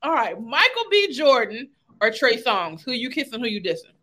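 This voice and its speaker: A woman's voice: a little high, sing-song, normal speed, pushed and bright, slight background noise. A woman hosting a casual interview chat, playful and teasing, often laughing. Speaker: host.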